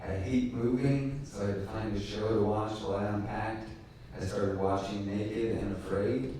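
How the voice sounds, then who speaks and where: A man in his forties doing a stand-up set in a small dark room, wry and self-deprecating, laughing at his own jokes. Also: fairly low pitch, steady tone, normal speed. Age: 40s. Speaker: stand-up comedian. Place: tiny dark performance room. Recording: echoey and distant, faint hiss.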